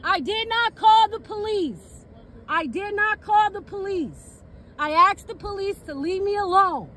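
A woman's voice: very high voice, measured pace, pushed and bright, slight background noise. A woman recording a police encounter on her phone outdoors at night, angry, repetitive and swearing. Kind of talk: angry confrontation filmed on a phone. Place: outdoors in a parked car at night.

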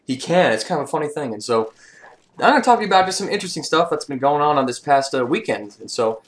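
A man's voice: on the high side, lively intonation, fast talker. A young man, a gaming YouTuber, chatting casually over gameplay in a rambling way with many fillers.

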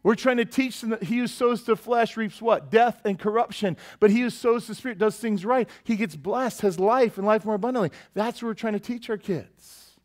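A middle-aged man with a slightly high-pitched voice preaches a sermon in a church sanctuary, sounding like a pastor chatting with his congregation. His delivery is conversational and packed with jokes, and he often shifts quickly into little quoted voices.

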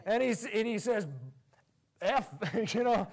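A male pastor preaching a sermon in an animated way, laughing often as he talks. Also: high voice, slow, gravelly.

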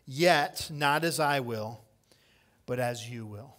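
This pastor's sermon comes slowly in a medium-pitched voice. He alternates loud, passionate cries with hushed passages and repeats key phrases to drive them home.

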